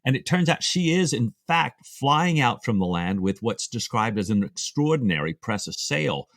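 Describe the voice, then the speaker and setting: A man's voice: medium pitch, big pitch swings, normal speed, fairly bright tone, dry recording, clean studio sound. A man co-hosting a podcast, recapping a novel's plot in an easygoing, self-deprecating way. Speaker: podcast co-host. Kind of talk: casual book discussion.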